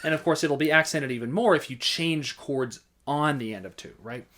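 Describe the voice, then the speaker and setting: Relaxed male music teacher scatting rhythms. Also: on the high side. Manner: relaxed, halting, vocalizes rhythms with scat syllables. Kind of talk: casual instructional talk.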